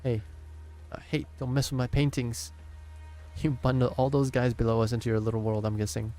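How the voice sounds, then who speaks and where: A man streaming himself as he reads a game's story dialogue aloud, deliberately, often stumbling and restarting on words. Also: mid-range voice, flat delivery, dark tone, soft background music. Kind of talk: dramatic reading of game dialogue.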